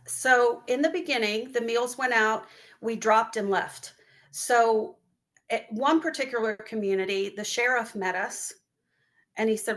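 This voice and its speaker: A woman's voice: on the high side, a little slow, fairly bright tone. A woman who founded a relief charity, answering interview questions in an earnest, heartfelt way and acting out the words of people she quotes. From northwest North Carolina. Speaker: guest, business owner and charity founder. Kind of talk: interview answers, personal storytelling.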